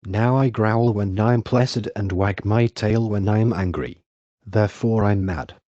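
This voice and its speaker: A man's synthetic text-to-speech voice reading the lines of a grinning, riddling cat in an audiobook, in an even and unhurried manner. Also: on the low side, dry recording, dull audio, lightly acted.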